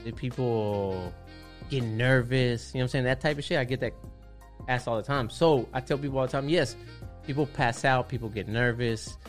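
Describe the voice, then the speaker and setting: A relaxed man who tattoos for a living, telling a story at an easy pace. His voice sits at a middle pitch and he swears freely. A faint bit of music plays under his voice. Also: moderate pace. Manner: laid-back, profane, keeps saying "you know what I'm saying". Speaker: tattoo artist guest. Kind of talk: casual storytelling.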